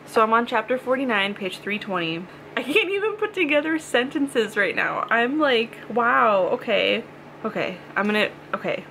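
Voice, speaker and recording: A woman's voice: a little high, animated, normal speed, bright, forceful tone, a little hiss or hum. A young woman talking casually in a reading vlog, emotional and rambling, full of "like" and nervous laughs. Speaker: book vlogger.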